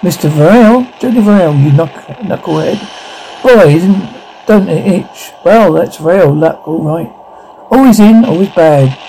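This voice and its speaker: A man's voice: sits high, lively intonation, a little slow, mellow, slight background noise, rough recording. An actor playing a hapless, dim-witted rustic farmer who mumbles and stumbles over his words to himself. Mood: rueful. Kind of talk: film acting.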